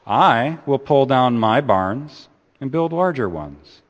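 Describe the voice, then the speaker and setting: A man's voice: medium pitch, animated, slow, long reverb tail, lo-fi sound, pitched above the performer's own voice. A man voicing a proud, greedy rich farmer who muses to himself with self-satisfaction. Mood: smug.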